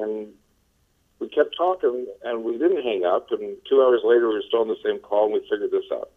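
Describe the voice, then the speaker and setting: A man from the Los Angeles area, a sales trainer being interviewed, telling his story in a relaxed way with many fillers. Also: lowish voice, fairly quick. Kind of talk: casual phone interview. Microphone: telephone. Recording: tinny phone line.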